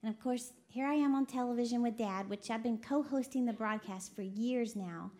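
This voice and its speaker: A woman from Texas preaching a lively sermon, laughing often and quoting voices as she talks. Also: fairly high pitch, moderate pace. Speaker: preacher co-hosting a broadcast. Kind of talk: sermon to a women's audience.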